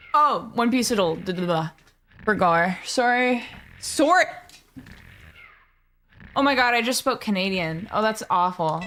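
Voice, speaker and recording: A woman chatting casually on a live stream, her voice sitting at an ordinary middle pitch. She is excitable and chatty, and she swears freely as she reacts and talks to her viewers. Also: slight background noise.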